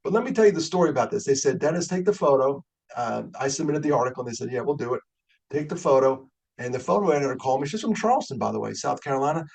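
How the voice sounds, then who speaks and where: Fired-up older man with a gravelly voice. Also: mid-range voice, racing. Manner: animated, gets fired up. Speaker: keynote speaker. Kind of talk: storytelling talk. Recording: webinar audio.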